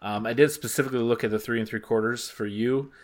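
A man's voice: mid-range voice, fairly even intonation, quick pace. A man co-hosting a casual podcast chat, rambling with lots of ums and playful teasing. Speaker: podcast co-host.

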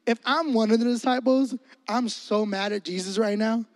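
High-voiced animated preacher, dry sound. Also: male voice, normal speed, no echo. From Florida. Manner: animated and comedic, acting out scenes. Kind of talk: sermon.

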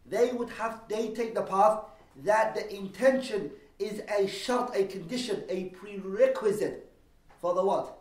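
High-voiced man teaching in an echoey room. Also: distant mic. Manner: explains terms, poses rhetorical questions to the class; reads Arabic texts quickly, then translates. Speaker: religious teacher. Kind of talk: lesson on Islamic law.

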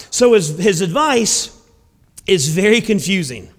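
A man preaching a sermon, dramatic, swinging between loud emphasis and hushed lines. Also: sits high, expressive, unhurried, big-room sound.

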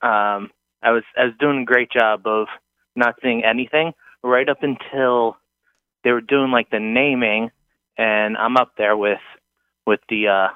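A man's voice: medium pitch, fairly even intonation, unhurried, clear, resonant tone, no echo. A man in his thirties calling in and telling a story in a rambling, hesitant way, full of fillers. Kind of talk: casual phone-in storytelling. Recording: tinny dry phone line.

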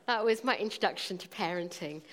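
A woman in her forties preaching, telling a personal story in a lively, humorous way. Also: a little high, background noise.

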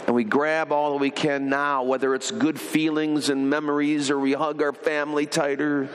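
Pastor guy preaching, kinda high voice, gets worked up and emphatic, big echoey church hall. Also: fairly bright tone, a little hiss or hum. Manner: earnest, emphatic preaching with rising intensity. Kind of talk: sermon.

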